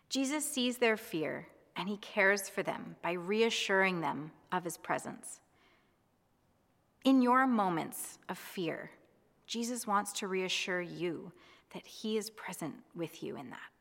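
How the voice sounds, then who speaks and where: A woman giving a gentle, reassuring devotional sermon, speaking in a reflective way. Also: medium pitch, animated, slow pace, creaky, big-room sound. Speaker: preacher.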